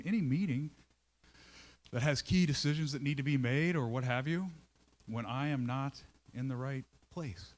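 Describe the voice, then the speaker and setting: Male company leader on stage, storytelling talk, conversational and animated, acts out his own thoughts, middle pitch. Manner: conversational, checks in with listeners. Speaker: CEO giving a talk. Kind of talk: storytelling talk to a live audience.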